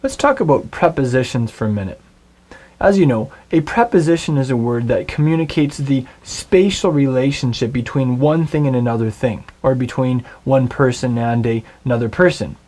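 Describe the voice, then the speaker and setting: Man, middle-aged, Hebrew teacher, recorded lesson, patient, steady explaining, slows on foreign words. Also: mid-range voice.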